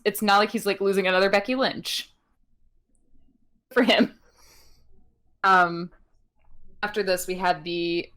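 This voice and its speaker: A young woman co-hosting a podcast, recapping wrestling in casual chat with lots of ums and giggles. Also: medium pitch. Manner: chatty with many ums, giggles, animated voices in quotes. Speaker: podcast co-host.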